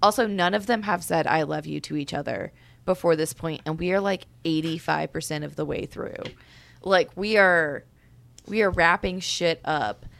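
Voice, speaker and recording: A woman's voice: deep voice, normal speed, creaky. A woman co-hosting a book podcast, ranting in casual chat full of "like" and swearing. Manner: animated, profane ranting with lots of "like". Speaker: podcast co-host reviewing a book.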